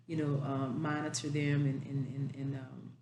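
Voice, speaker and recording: A woman's voice: very deep voice, flat delivery, normal speed, noisy background. Woman educator in an echoey room. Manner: conversational storytelling with many fillers. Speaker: school educator. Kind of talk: casual spoken message.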